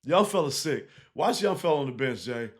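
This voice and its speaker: A man, a basketball coach, casually breaking down game film, animated and laughing easily, tagging points with 'right?'. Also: medium pitch, brisk. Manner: animated, keeps checking in with 'right?' and 'again'; laughs easily while explaining.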